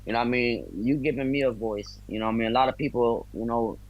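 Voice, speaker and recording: A man's voice: mid-range voice, fairly even intonation, fast, muffled recording. A man, a bare-knuckle fighter from the US, chatting as a guest on a video call, friendly and talkative, with loose slang. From United States. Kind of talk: casual interview chat.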